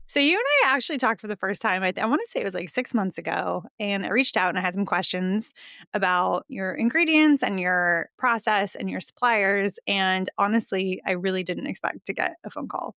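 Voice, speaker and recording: An enthusiastic woman hosts a podcast, gushing as she chats and reads an ad. Her voice sits at an ordinary pitch for a woman. The sound is dry and close, with no room echo. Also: expressive, fairly quick, creaky, sharp tone. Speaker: podcast host. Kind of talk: casual interview chat with ad read.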